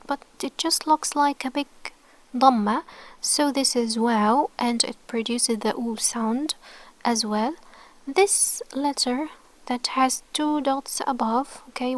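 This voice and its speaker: Slow Egyptian woman teaching softly. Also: fairly high pitch. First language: Arabic. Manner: patient, with many fillers and repeated words. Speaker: Arabic teacher. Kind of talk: online alphabet lesson.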